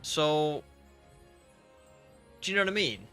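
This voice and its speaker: A man's voice: a little high, very animated, slow, sharp tone, clean tone, faint music behind. A British man chatting casually on a game stream, rambling with fillers as he reads chat aloud.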